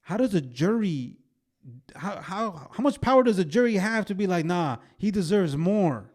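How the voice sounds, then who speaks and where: A man in his twenties co-hosting a podcast, telling animated stories in casual chat full of fillers like "way" and "bro". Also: high voice, moderate pace. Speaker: podcast co-host.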